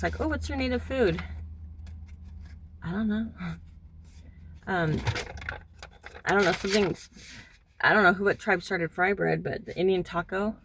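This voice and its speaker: Gravelly-voiced middle-aged woman, halting and reflective. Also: on the low side, fairly bright tone, slight background noise. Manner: halting, reflective, many pauses and fillers. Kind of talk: personal monologue. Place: in a hot car.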